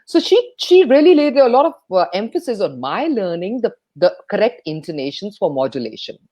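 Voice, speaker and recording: A woman from India, a speech coach and radio jockey giving an interview, talking expressively and playing up pitch and pauses. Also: sing-song, dark tone. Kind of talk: enthusiastic interview talk.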